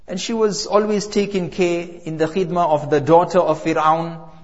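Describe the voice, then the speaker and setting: A man's voice: on the high side, fairly even intonation, moderate pace. A man delivering a sermon as a story, emphatic, drawing out key words. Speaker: preacher. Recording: reverberant hall, dull lo-fi sound.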